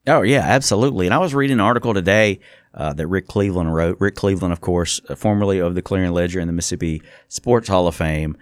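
A man's voice: deep voice, quick pace, no echo, studio quality. A man hosting a casual sports talk show, running through game stats. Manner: reads off stats in a steady rundown.

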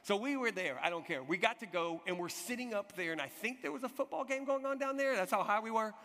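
High, bright-voiced preacher in a reverberant hall. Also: male voice, fast talker. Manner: animated storytelling, shouts acted quotes. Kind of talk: sermon with a personal story. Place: church hall.

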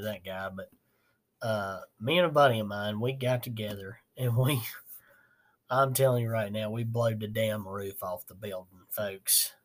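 A man's voice: fairly low pitch, pushed and bright. A man hosting a podcast, rambling casually, laughing and swearing. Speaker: podcast host. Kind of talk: casual chat.

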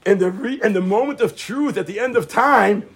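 With a husky, high voice and a moderate pace, a man gives a lively Torah lecture. He's emphatic, repeats himself and leans on rhetorical questions, moving from quiet asides to near shouting.

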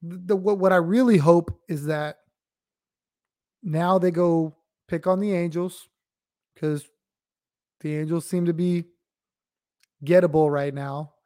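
Man, guest co-host, high voice, laid-back slangy sports chat. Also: steady tone, slow pace, long pauses, a little mellow. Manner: laid-back, explains plays, casual slang.

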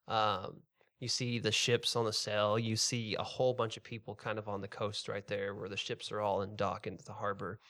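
A man narrating a tabletop game as game master, describing scenes in a relaxed second-person way. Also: lowish voice, moderate pace.

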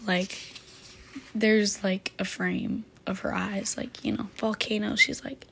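Woman, book talk host, chatty, gravelly fry, faint hiss behind. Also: mid-range voice, flat delivery, slow pace, a bit bright. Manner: chatty, filler-heavy, says "like" constantly. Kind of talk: casual plot retelling.

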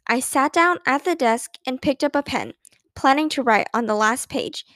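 A woman's voice: sits high, moderate pace, fairly bright tone, dry recording, studio quality. A woman voicing a playful grown-up aunt who recalls childhood mischief in a storybook reading. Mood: amused.

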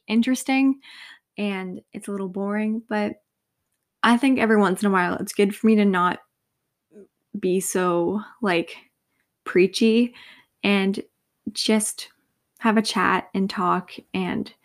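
A tired young woman in her twenties hosts a casual solo podcast, yawning and rambling with lots of fillers, especially "like". Her medium-pitched voice stays fairly even, at a measured pace with long pauses.

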